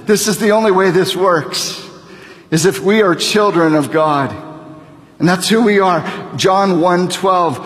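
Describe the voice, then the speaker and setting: A man in his thirties, a pastor preaching a sermon, speaking deliberately and building to fervent emphasis. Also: high-pitched, a bit bright. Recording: long reverb of a large hall.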